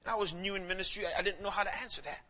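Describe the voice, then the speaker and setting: Young male preacher, high-pitched and bright, animated sermon storytelling, casual slang, restarts often. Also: rapid-fire. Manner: animated storytelling, slips into quoted voices, frequent restarts.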